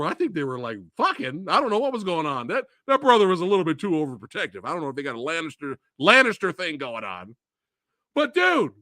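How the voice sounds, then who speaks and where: Male stream host, movie reviewer, lively swinging pitch, profane exasperated rant. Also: no room sound, studio quality. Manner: profane, animated, exasperated ranting. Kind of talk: ranting live stream review.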